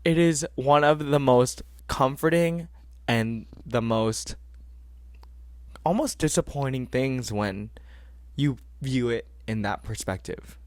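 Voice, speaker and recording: A young man hosting a podcast, giving earnest, animated advice in casual talk and repeating phrases for emphasis. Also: medium pitch, slow, no echo, studio quality. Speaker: podcast host.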